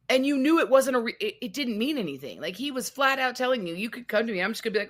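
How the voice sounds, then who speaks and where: A woman's voice: a little high, quick pace, few pauses. A woman co-hosting a casual podcast conversation, telling stories and acting out quoted lines. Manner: animated storytelling, acts out quotes in raised voice. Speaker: podcast co-host.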